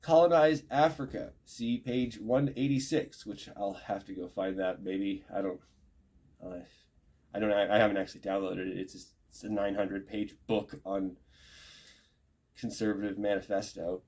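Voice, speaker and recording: Man reading aloud, pausing to look things up. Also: on the low side, steady tone, a little mellow. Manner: reads a list aloud, stopping to look things up and correct himself. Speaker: channel host reading a thread. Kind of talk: casual reading with commentary.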